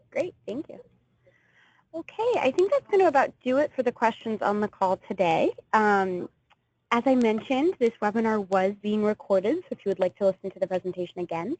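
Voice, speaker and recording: A woman's voice: mid-range voice, darkish tone, no echo, dull audio. Polite woman moderating a webinar. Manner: polite, wrapping up. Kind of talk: webinar hosting.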